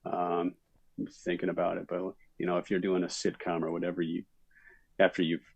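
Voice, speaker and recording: A middle-aged man from Minnesota, a guest actor, telling stories in a relaxed interview chat with many fillers. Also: deep voice, moderate pace, gravelly, slightly rough, no room sound, highs cut off.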